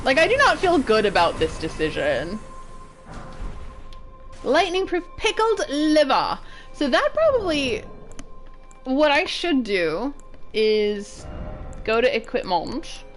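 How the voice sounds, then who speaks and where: A woman in her thirties talks through a game stream in a chatty, giggly way, swearing playfully as she goes. Her voice sits fairly high and swoops around with a lot of expression. Faint game music plays underneath. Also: huge pitch swings, unhurried, fairly bright tone. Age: 30s. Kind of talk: casual gameplay commentary.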